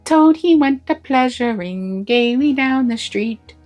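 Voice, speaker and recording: A woman voicing a pompous, gloating male chief weasel in a storybook reading, with a high, squeaky voice. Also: lively intonation, unhurried, fairly bright tone, faint music behind. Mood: squeaky singing. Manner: speechifying, self-satisfied.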